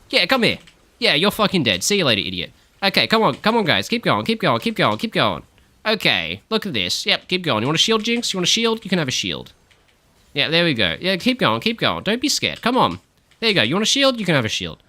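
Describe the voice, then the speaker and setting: A man's voice: a little high, huge pitch swings, brisk, sharp tone. A young man streaming a game and commenting live, coaching his team, swearing and barking orders when heated.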